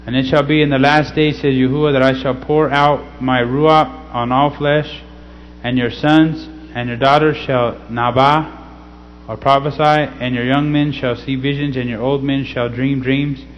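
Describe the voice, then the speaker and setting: A man reading scripture slowly and teaching in a casual way, often checking in with "okay?". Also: mid-range voice, little pitch movement. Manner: slow, deliberate scripture reading. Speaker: pastor. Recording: slightly dull recording with faint hum.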